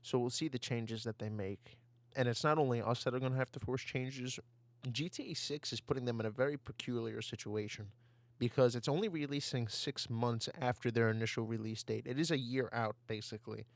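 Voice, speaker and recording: A man's voice: mid-range voice, a little fast, vocal fry, dry recording. A man ranting over gameplay footage on a desk mic, heated and given to repeating himself. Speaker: gaming YouTuber. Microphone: desktop mic.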